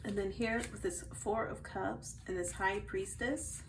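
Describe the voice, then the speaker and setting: A woman giving a casual tarot card reading to her viewers in a chatty way, swinging from soft murmurs to loud bursts. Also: medium pitch, fairly even intonation, measured pace, noisy background. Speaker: tarot reader.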